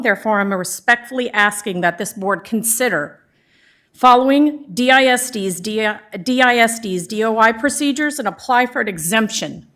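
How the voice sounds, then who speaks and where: A woman's voice: on the high side, a bit bright. Earnest older woman giving public comment. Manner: earnest, emotional, self-deprecating. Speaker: public commenter, former district lead librarian. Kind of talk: prepared public comment read aloud.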